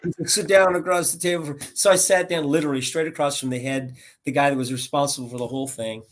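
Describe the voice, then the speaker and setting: An American man in his sixties, a guest rambling through animated anecdotes over a video call. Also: medium pitch, quick pace. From United States. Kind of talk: casual storytelling interview.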